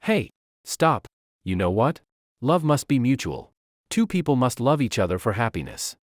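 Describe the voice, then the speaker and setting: A man's voice: mid-range voice, sing-song, normal speed, darkish tone, no echo, clean studio sound, close to an everyday voice. A man voicing a flustered young man who protests nervously and stammers. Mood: panicked.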